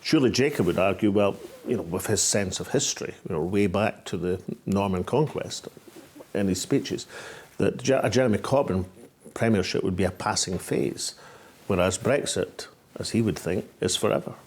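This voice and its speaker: An older man with a Scottish accent, hosting a political interview and asking probing, measured questions. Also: deep voice, darkish tone, a little hiss or hum. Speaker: host.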